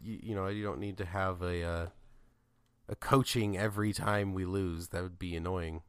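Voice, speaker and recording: A man's voice: deep voice, steady tone, moderate pace, smooth, no echo. A man in casual chat who talks in a laid-back, joking way and laughs easily.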